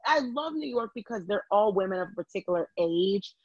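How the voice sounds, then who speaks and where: A woman's voice: medium pitch, animated, fairly quick, husky, dry recording, muffled recording. A woman hosting a podcast in casual chat, wry and joking at her own expense. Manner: wry, joking, self-mocking. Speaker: podcast host.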